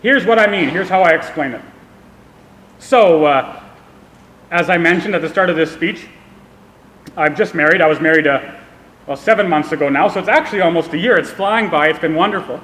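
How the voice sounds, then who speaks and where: A man's voice: a little high, brisk, long pauses, a bit bright. A young man from Canada giving a public speech, telling a humorous, self-deprecating story. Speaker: speaker. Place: event hall. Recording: echoey hall with long reverb.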